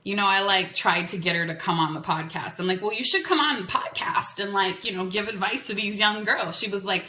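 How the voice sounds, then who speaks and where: In an echoey room, a woman hosting a podcast relays a dating story with plenty of "like"s. She's chatty and animated, speaking fairly quickly in a mid-range voice.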